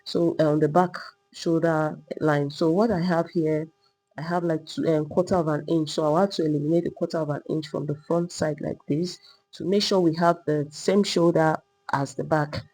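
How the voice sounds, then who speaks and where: A woman teaching a step-by-step sewing tutorial, calmly talking through each move while she drafts and cuts a pattern. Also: sits low, moderate pace, poor audio. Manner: patient, repetitive demonstrating, talking while working. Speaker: sewing instructor.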